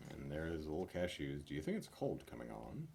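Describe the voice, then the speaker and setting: A man reading numbered jokes aloud one after another, hitting each punchline with animated emphasis. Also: very deep voice, vocal fry, slight background noise. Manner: animated, punchy joke delivery with drawn-out punchlines.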